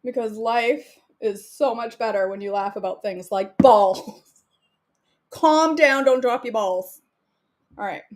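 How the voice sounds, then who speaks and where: A woman's voice: on the high side, slow. A woman, chatting and joking to herself while she cooks for her vlog. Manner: giggly, joking, talks to herself. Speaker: cooking vlogger. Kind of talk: casual chat while cooking.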